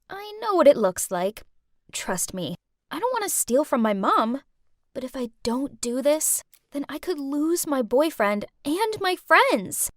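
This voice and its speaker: A woman's voice: sits high, sing-song, measured pace, no echo, clean studio sound. A woman telling a scripted first-person storytime in a chatty, dramatic teen persona. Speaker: storytime narrator.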